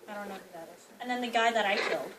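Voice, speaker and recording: A young woman chatting casually while playing a game, excitable, screaming and laughing. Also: mid-range voice, racing. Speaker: game player. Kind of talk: casual gameplay chat. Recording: distant mic with loud noise.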